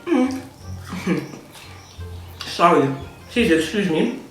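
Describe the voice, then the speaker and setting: A woman's voice: lowish voice, very animated, drawn-out words, soft background music. A young woman, chatting and laughing as she tells a storytime vlog while eating. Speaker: vlogger. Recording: echoey room, distant mic, faint noise.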